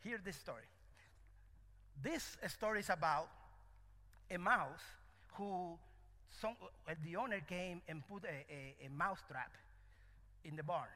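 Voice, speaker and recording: A male preacher delivers a sermon with a high, bright voice, firing questions at his congregation. His words bounce around a reverberant church hall. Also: a little slow, pauses often. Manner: animated, call-and-response questions. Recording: echoey hall.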